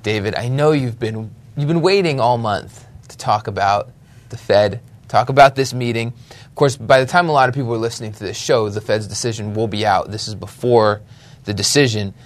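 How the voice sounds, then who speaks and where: Bantering male podcast co-host. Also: lowish voice. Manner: quick banter with restarts. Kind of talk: casual chat.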